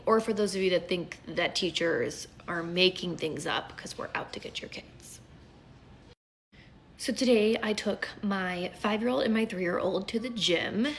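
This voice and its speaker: A woman in her thirties chats through a personal story in a casual storytime style. She is animated and quick, with plenty of asides and fillers. Her voice sits at an ordinary middle pitch. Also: slight background noise. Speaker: kindergarten teacher and mother telling a story.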